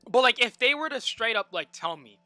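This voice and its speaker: A young adult man talking casually on a live stream while gaming, rambling and animated, full of "like" and stop-start restarts. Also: very high-pitched, brisk, no echo, faint music behind. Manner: rambling and animated, heavy use of "like" and repeated restarts.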